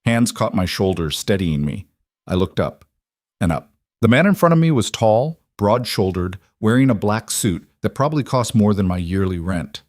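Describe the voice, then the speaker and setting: A man narrating a romance audiobook in a measured, dramatic manner. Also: on the low side, no room sound, studio quality.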